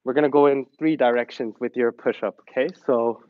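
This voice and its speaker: A man's voice: mid-range voice, fairly even intonation, a little fast, no room sound, phone-quality sound. A man leading an online fitness class, cheering students on and counting reps in English and Korean, a little out of breath. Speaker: fitness instructor. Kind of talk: online exercise class instruction.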